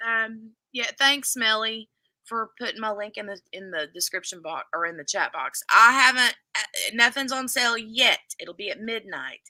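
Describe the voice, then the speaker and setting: A woman's voice: on the high side, animated, moderate pace, sharp tone, no echo. A woman hosting a casual livestream who chats and reads viewer comments aloud. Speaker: livestream host reading comments. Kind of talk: casual chat.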